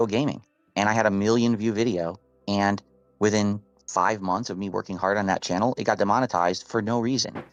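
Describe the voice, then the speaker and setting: A man's voice: on the low side, steady tone, fairly quick, no room sound, lo-fi sound. A man talking earnestly on a late-night call and explaining his views at length. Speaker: streamer on a call.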